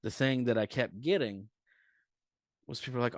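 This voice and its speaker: A man's voice: mid-range voice, normal speed, no echo. A man who is a comedian, chatting casually on a podcast as a guest and telling rambling, profane stories.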